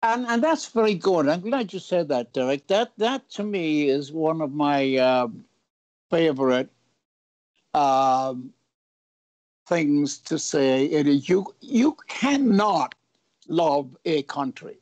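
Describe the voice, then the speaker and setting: Slow, halting man in dry sound. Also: fairly high pitch, lively intonation, darkish tone, no echo, dull audio. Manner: halting, searches for words, wry humour. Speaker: guest. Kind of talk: interview answers.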